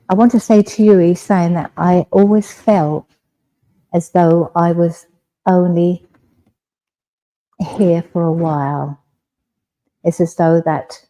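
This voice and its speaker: Leading a mediumship demonstration in a village hall, an English woman speaks softly and reassuringly straight to her audience, repeatedly asking "all right?". Her voice is warm and mellow, somewhat low for a woman. The recording is rough.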